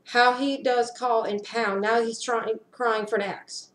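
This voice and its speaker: Woman reader, fairly high voice, intense dramatic story reading, webcam in an echoey room. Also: fairly even intonation, unhurried. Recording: roomy echo.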